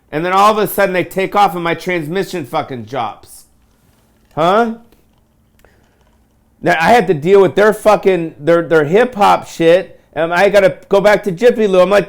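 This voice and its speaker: A comedian man rants to camera in a gravelly voice that sits a touch high. He swears freely, pities himself and talks in loose surfer-dude slang. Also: normal speed. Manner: profane, self-pitying, ranting.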